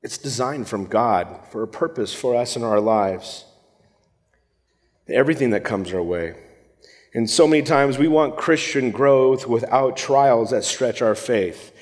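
A man's voice: medium pitch, a little slow, darkish tone. A man preaching an expository sermon, telling the story vividly and acting out the frightened voices of the disciples. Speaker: pastor. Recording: echoey hall with long reverb.

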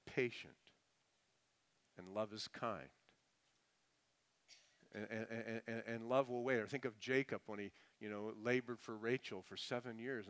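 Man preaching with a smooth, resonant voice. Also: on the low side. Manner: animated preaching with sudden swings from loud to hushed. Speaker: pastor. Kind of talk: sermon.

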